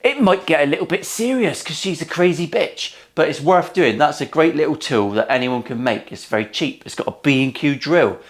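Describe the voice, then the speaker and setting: A man's voice: on the high side, lively intonation, fairly quick, hardly any pauses. A man hosting a casual workshop vlog as a luthier, talking to viewers in cheeky, sweary banter. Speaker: luthier and channel host. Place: guitar-making workshop.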